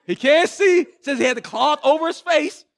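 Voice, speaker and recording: A male preacher retelling a Bible story in an animated sermon, with frequent restarts. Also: extremely high pitch, moderate pace, vocal fry, dry recording.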